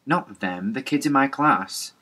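A man voicing a calm, clever teenage girl who speaks in a level, thoughtful way. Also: mid-range voice, a little slow, breathy edge, pitched above the performer's own voice, full character voice.

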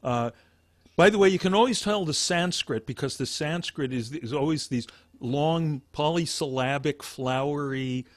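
Halting man teaching meditation, dry sound. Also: a little high, no room sound. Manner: halting, restarts phrases, explains with plain examples. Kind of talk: dharma talk.

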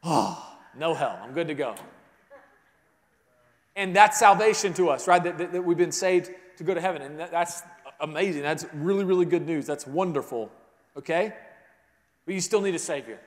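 A man preaching a sermon to a congregation, moving between hushed, intimate passages and rising emphatic ones, often restarting his words. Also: high voice, brisk, big-room sound. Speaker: pastor. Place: large church sanctuary.

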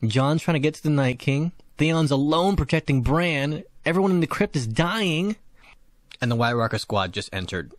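Excitable young man reacting, swearing. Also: on the high side, normal speed, dry recording. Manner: excitable, swears often, jumps to loud outbursts. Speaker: reaction video host. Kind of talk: casual reaction commentary. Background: show soundtrack playing.

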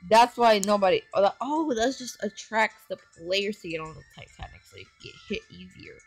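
A woman giving casual gameplay commentary on her phone, excitable and full of gasps and exclamations. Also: mid-range voice, brisk, slightly rough, faint music behind. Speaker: gaming channel host. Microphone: phone microphone while screen recording.

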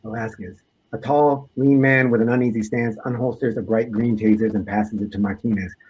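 A man, an author, reading aloud from his own book in a measured, deliberate way. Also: medium pitch, steady tone, a little mellow, breathy edge, dull audio.

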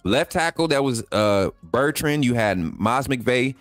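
A man's voice: medium pitch, animated, a little slow, no echo, faint music behind. A man, hosting a live sports stream in a chatty way, repeating himself and talking straight to his viewers. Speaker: sports channel host.

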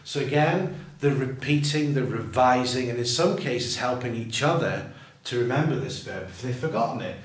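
A man explaining how he teaches English verb tenses, talking slowly and deliberately and drawing out his example phrases. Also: mid-range voice, lively intonation. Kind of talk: teacher training walkthrough. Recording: roomy echo, voice far from the mic.

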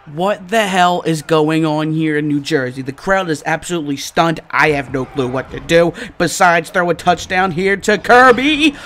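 A man hosting a gaming channel, giving live let's-play commentary and reacting excitably to each play. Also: a little high, moderate pace, few pauses, a little hiss or hum. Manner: excitable, yelling and groaning at plays.

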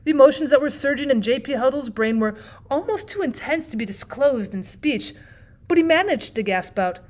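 A woman teacher reads a classic short story aloud in a steady, expressive way. Her voice sits fairly high, and she often starts sentences with a small "well". It sounds like a classroom audiobook. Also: normal speed. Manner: steady, expressive reading with frequent "well" fillers. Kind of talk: audiobook narration.

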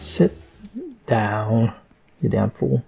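A man's voice: on the low side, steady tone, very slow, gravelly, mellow. A man giving laid-back, casual commentary while playing a game, with game music behind. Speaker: let's-play host.

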